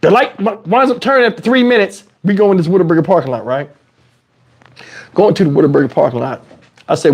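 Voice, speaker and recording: A man telling a story in a casual, animated way, swearing freely and speaking conversationally. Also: sits high, fast, pauses often, breathy edge.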